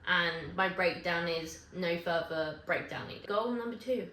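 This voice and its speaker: A woman vlogging to camera in casual chat, rambling and correcting herself with quick asides. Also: lowish voice, pushed and bright, a little hiss or hum. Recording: echoey room with faint ambience.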